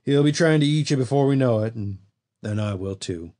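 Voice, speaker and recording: A man voicing a gruff elderly gun store owner who talks bluntly and swears, in an audiobook. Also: medium pitch, lively intonation, a little fast, dark tone, close to an everyday voice. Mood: grim. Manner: blunt and profane.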